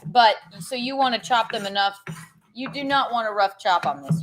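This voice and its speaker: A woman's voice: on the high side, lively intonation, normal speed, music in the background. A young woman hosting a casual cooking show, joking and chatting playfully while she cooks. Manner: playful, joking, chanting chopping sounds.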